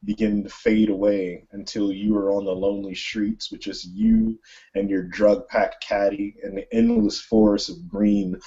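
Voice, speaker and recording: A man narrating as game master of a tabletop role-playing game, halting with many fillers. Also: lowish voice, creaky, dark tone, lo-fi sound.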